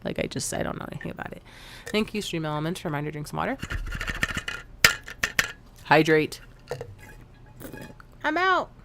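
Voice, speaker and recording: A woman streamer in casual live-stream chat, talking loosely to her viewers. Her voice sits a little low, and she rambles and jokes as thoughts come to her. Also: a little fast, gravelly, pauses often, very noisy. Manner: chatty, joking with chat, rambling.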